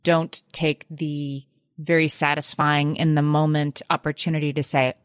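Low-voiced woman summing up advice. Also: level tone, dry recording, clean studio sound. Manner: measured, sums up expert advice. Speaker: podcast co-host. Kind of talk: casual chat.

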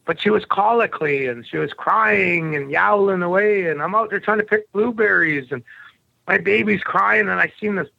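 A man voicing a frightened young mother who recalls a scare, his voice pushed up high and rushed. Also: vocal fry, sharp tone, no echo, dull audio, exaggerated voice.

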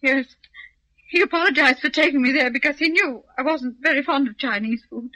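A woman's voice: sits high, a little fast, pushed and bright, dry recording, rough recording. An actress playing a hesitant, upset young woman in a vintage radio drama. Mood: shaken. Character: shaken, grieving young woman.

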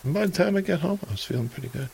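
An American man in his sixties, an interviewee recalling his past in a halting, emotional way, with many fillers and restarts. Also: on the high side, animated, gravelly, a little mellow, slight background noise. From United States. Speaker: interviewee, author. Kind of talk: emotional personal reminiscence.

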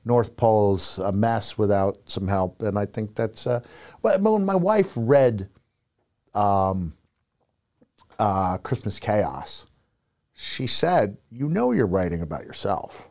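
Middle-aged man, low mellow tone, relaxed self-deprecating raconteur. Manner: rambling, self-deprecating, frequent "you know" fillers. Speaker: podcast guest, retired wrestler. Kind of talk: casual storytelling chat.

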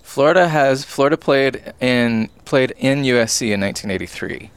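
Lively man co-hosting a chat. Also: mid-range voice, moderate pace, smooth. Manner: lively, mock-interviewer. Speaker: co-host. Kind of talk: casual chat.

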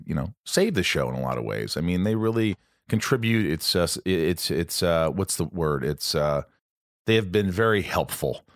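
A man hosting a podcast, his voice very low, rambling and cursing freely as he chats. He jumps into sudden high, excited bursts, and the recording is close and dry. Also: dry recording. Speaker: podcast host. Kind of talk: casual podcast chat.

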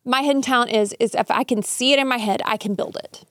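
Woman co-host, higher voice, dry close mic, playful and animated. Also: quick pace, no echo. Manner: playful, animated, self-mocking. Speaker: podcast co-host. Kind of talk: casual chat.

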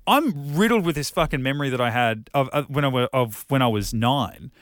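A man's voice: mid-range voice, expressive, brisk, fairly bright tone, no echo, studio quality. A man in his thirties, co-hosting a podcast in casual chat and telling rambling stories with plenty of swearing. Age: 30s. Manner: rambling storyteller who swears freely. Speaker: podcast co-host.

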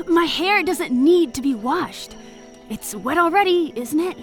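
A sulky young swan maiden from a fantasy audio drama, played by a woman, sighing and brooding. The voice sits high and swings widely, but the delivery is slow and heavy. Soft music plays underneath. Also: expressive. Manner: sulky, sighing, prone to frustrated outbursts. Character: gloomy young swan maiden who resents their fate.

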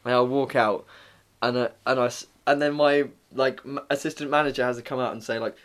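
A man's voice: medium pitch, steady tone, brisk, fairly bright tone. A young man from England chats casually, telling a story full of swearing. He slips in and out of changed voices to play the people in it. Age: young adult. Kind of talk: casual chat.

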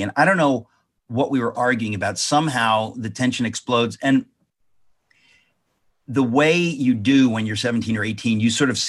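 A man, an author being interviewed, telling a rambling family anecdote with many self-corrections. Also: mid-range voice. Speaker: author guest. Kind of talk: storytelling in an interview.

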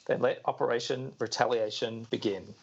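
A man's voice: medium pitch, steady tone, normal speed, slight background noise, lightly acted. A man reading the lines of a young male hero-team leader aloud from a comic, in a nearly plain voice. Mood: matter-of-fact. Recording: dull lo-fi recording.

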